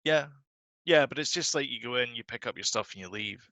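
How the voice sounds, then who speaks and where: A man's voice: mid-range voice, brisk, bright, forceful tone, dry recording. A man co-hosting a podcast, chatting casually and laughing easily. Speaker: podcast co-host. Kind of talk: casual chat.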